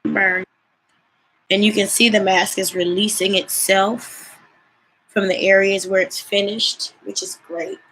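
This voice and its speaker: A woman's voice: medium pitch, a little slow, breathy edge, low-quality recording. A young woman vlogger chats casually about skincare late at night, tired and yawning, with many fillers. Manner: relaxed and chatty, with many "um" fillers, and sometimes yawning. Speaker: beauty vlogger. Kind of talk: casual live skincare chat.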